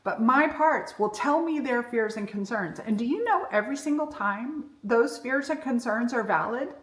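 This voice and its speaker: This middle-aged woman talks at normal speed in an expressive, higher-pitched voice with a fairly bright tone. As a self-development speaker, she reflects openly on her life in a frank monologue recorded in an echoey room.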